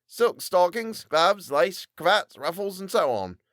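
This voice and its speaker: A man's voice: sits high, big pitch swings, measured pace, a bit bright, no echo, studio quality, pitched above the performer's own voice, exaggerated voice. A man doing a cheeky errand boy. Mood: brash.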